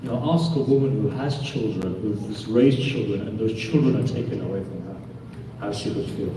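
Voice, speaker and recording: A man's voice: lowish voice, moderate pace. A man, a cleric, giving a mourning sermon and telling stories, questioning the congregation directly and earnestly. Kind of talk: sermon with storytelling narration. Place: large hall with a congregation. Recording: echoey hall, distant mic, background noise.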